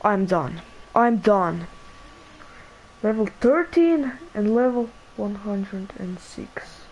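Excited woman streaming a game. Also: mid-range voice, takes it slowly, a little hiss or hum, poor audio. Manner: excited, repeats exclamations, breathless. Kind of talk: live gameplay commentary.

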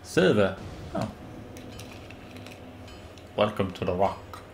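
A man's voice: on the low side, big pitch swings, slow, creaky, a little hiss or hum. A man giving casual, rambling commentary while playing a game and reading its text aloud. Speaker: streamer.

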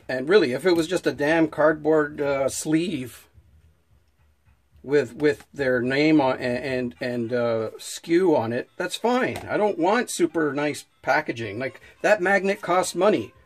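A man giving a casual unboxing review, rambling with many restarts and fillers and getting worked up as he rants. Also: fairly high pitch. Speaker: knife reviewer.

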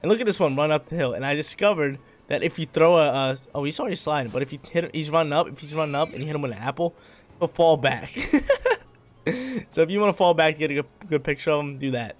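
A man's voice: on the high side, quick pace. A man giving casual, hyped gameplay commentary, talking in slang and laughing often.

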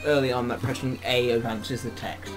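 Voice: mid-range voice, flat delivery, moderate pace, soft background music. A person co-hosting a let's play in casual gaming chat, explaining things with lots of "like".

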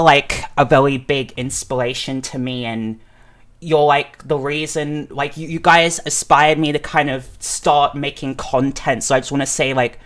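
An overwhelmed streamer reacting live, close to tears. The voice sits at a middling pitch and keeps stammering and repeating words. The talk is excitable and full of swearing.

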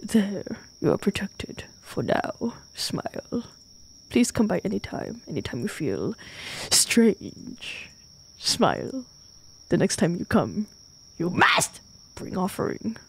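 A woman voicing a greedy, smiling male temple priest in a game stream, speaking in a smooth, sly and ominous way. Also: mid-range voice, sing-song, slow pace, slight background noise, voice pushed down, full character voice.

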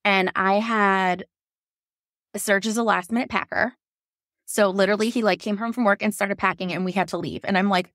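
Lively woman telling a story. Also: moderate pace, no room sound, clean studio sound. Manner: animated, laughs often, acts out quotes in a higher voice. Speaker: podcast guest. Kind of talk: casual storytelling.

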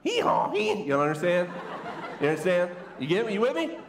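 Male preacher, sermon, lively swooping voice, slightly high, playful banter, roomy sanctuary echo. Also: brisk, slight background noise. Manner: animated, playful, conversational preaching. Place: church sanctuary, preaching from a stage.

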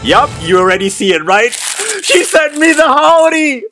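A man hosting an unboxing video speaks in a notably high voice, heaping on thanks and disbelieving exclamations. His delivery is gushing and full of repeated outbursts. Faint music plays behind him. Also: sing-song, normal speed, pushed and bright. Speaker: unboxing host. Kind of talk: excited unboxing vlog.

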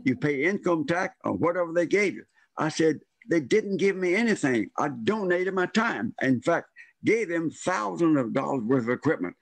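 An older guest spins a long, rambling tale from his own life, voicing the characters he quotes along the way. He sounds expressive and on the high side, with vocal fry, at a moderate pace. It's casual storytelling in a dry recording.

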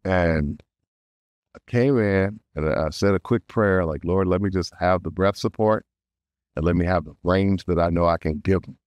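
A man guesting on an interview, telling stories in a lively way, often laughing and acting out quotes. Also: deep voice, moderate pace, dry recording, dull audio. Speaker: voice actor guest. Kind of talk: casual interview storytelling.

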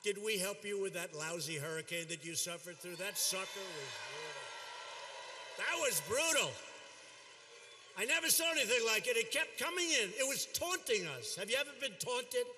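Older man, high-pitched voice, rally speech, repetitive, boastful, reverberant arena. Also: animated, normal speed, noisy background. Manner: repetitive, boastful, shouting out to a crowd. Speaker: politician at a rally. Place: large arena. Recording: long hall reverb from an arena.

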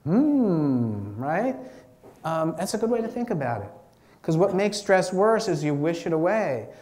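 Male physician, live campus lecture, chatty, animated, talks straight to the audience. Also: fairly high pitch, unhurried. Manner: animated, chatty, acts out inner thoughts in quotes. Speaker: doctor giving a mindfulness talk. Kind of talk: lively live lecture to students.

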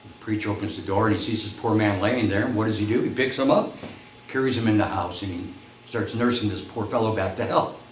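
A male pastor preaching a sermon, telling a story and acting out its voices, climbing to shouts at the high points. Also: a little fast. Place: church sanctuary. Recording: echoey church room, faint noise.

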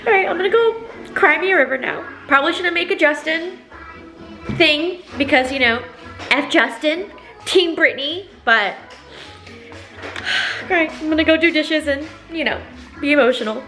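A woman's voice: sits high, animated, normal speed, pauses often, bright, forceful tone, faint music behind. A woman in her thirties chatting casually to her phone camera at home as a mom vlogger, talking with feeling and laughing often. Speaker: vlogger, mother. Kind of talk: casual vlog chat. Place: home, indoors.

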